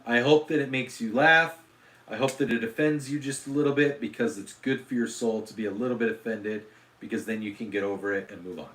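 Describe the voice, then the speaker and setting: A man's voice: medium pitch, fairly even intonation, fairly quick, fairly bright tone, far from the mic, a little hiss or hum. A man hosting a casual livestream, rambling and self-deprecating, with lots of fillers and restarts. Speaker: livestream host. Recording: roomy echo.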